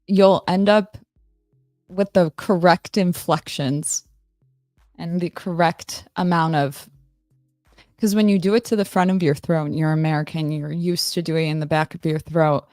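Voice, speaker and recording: A woman's voice: on the low side, steady tone, unhurried, darkish tone, dry recording, clean studio sound, faint music behind. A woman hosting a live stream in a casual, rambling, self-mocking chat, answering her viewers.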